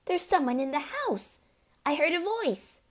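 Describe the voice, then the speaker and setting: A woman's voice: on the high side, huge pitch swings, moderate pace, pitched above the performer's own voice, heavily acted. A woman voicing a bossy middle-aged mother who shrieks and hisses in alarm. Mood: panicked.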